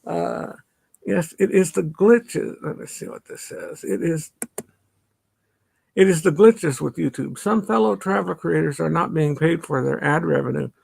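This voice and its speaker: A man's voice: on the high side, a little slow, a little mellow. A middle-aged man from the suburbs, chatting casually on a livestream, greeting viewers by name and laughing often, a little stuffy from allergies. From northern suburbs of Chicago. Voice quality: gravelly, husky. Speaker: livestream host. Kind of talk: casual live-stream chat reading comments.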